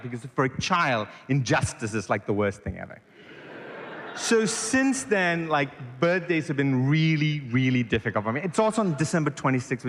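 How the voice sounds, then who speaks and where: A middle-aged man from Sri Lanka tells a story as a podcast guest, animated and quick to act out the voices. His voice sits in a middle pitch. It trails off with a long reverb.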